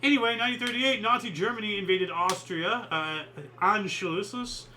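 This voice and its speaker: Casting: male host, high bright voice, rambling opinionated chat, faint background hiss. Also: normal speed. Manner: rambling, opinionated, many fillers. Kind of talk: casual chat reading history dates.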